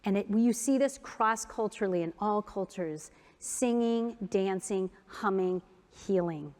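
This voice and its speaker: A woman of middle pitch speaks to a conference crowd, leading breathing and humming exercises in an upbeat, self-mocking way. Her slower cues turn soft and gentle. The voice rings with the long reverb of a big hall. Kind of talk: guided breathing and movement talk to an audience.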